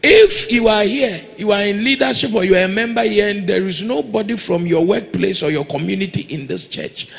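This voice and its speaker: A man's voice: high voice, a little fast, vocal fry, few pauses. A man with a Ghanaian accent preaching a sermon in a church, exhorting the congregation and demanding they answer back. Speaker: pastor.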